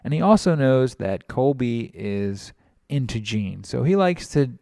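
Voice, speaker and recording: A man's voice: medium pitch, expressive, measured pace, gravelly, mellow, dry recording, clean studio sound. A man casually narrating a comic story, chatty and explaining as he goes.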